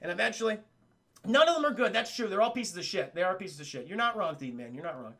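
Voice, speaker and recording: A man's voice: high voice, lively intonation, fast talker, sharp tone, a little hiss or hum. A man streaming live, recapping a movie in a casual, profane, rambling way while talking to his chat. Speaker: streamer reviewing a film.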